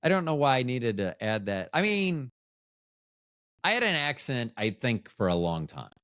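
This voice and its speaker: A man's voice: mid-range voice, sing-song, moderate pace, fairly bright tone, smooth, dry recording, clean studio sound. A man hosting a casual solo podcast, rambling and joking at his own expense. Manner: rambling, joking, self-mocking. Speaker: podcast host.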